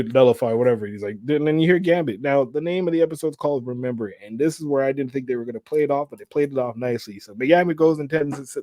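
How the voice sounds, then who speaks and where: A young man hosting his own channel, giving a casual, excitable episode recap that rambles, repeats words and uses lots of slang. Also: medium pitch, no echo, clean studio sound. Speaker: channel host.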